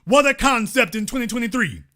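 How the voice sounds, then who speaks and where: A man's voice: extremely high pitch, expressive, a little fast, a bit bright. A man hosting a commentary show, reading an article aloud and reacting to it in a preachy, fired-up way.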